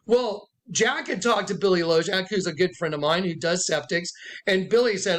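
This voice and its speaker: With a high voice at a normal speed, a self-proclaimed prophet shares an emotional tale with followers seated with him indoors. He's emphatic and acts out the voices of those he quotes.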